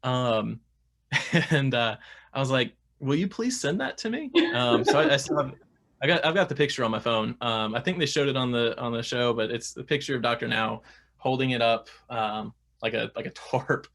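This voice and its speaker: Brief: young adult man, gravelly, chatty guest with lots of restarts. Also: medium pitch, fairly even intonation, normal speed, fairly bright tone. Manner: chatty, many fillers and restarts. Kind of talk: casual interview talk.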